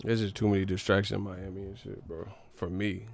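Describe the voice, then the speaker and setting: A man's voice: sits low, little pitch movement, fairly quick, creaky. A man hosting a boxing live stream in a casual, profane, joking rant full of slang.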